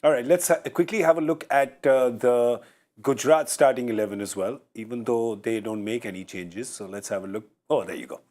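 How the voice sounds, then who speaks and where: A man's voice: mid-range voice, fairly quick, darkish tone. A man hosting a pre-match cricket studio show, reading out team news with breezy jokes. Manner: breezy, jokey. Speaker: host.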